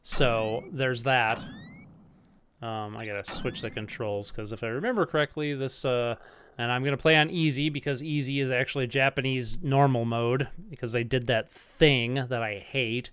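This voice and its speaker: A young man streaming retro games, chatting in a rambling, animated way with lots of filler words and frequent laughs. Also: medium pitch, normal speed, smooth, no echo. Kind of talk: casual live-stream chat while playing. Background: faint game music.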